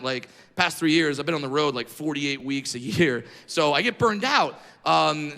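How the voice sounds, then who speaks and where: A man from Southern California doing a stand-up comedy set on stage, telling stories in a brash, profane, animated way. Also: a little high, big-room sound. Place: comedy stage before an audience. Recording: live set with clear background noise.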